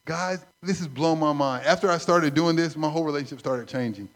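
A man preaching a sermon, conversational and animated, acting out stories. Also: a little high, fairly quick. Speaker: pastor.

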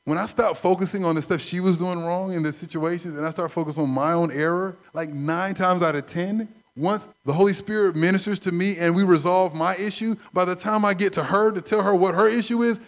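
A man preaching a sermon, conversational and animated, acting out stories. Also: high voice, a little fast. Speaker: pastor.

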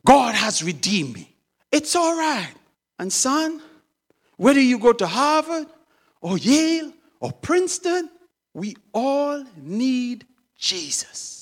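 A woman's voice: high-pitched, sing-song, slow pace, full character voice. A woman voicing a joyful old farmer father. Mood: tender. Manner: rejoicing, shouting hallelujahs.

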